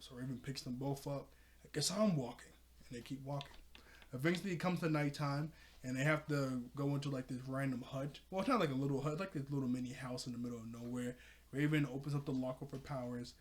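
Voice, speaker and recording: A man casually recapping a cartoon episode, excitable and laughing often as he talks to his viewers. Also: medium pitch, fairly quick. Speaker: cartoon reviewer.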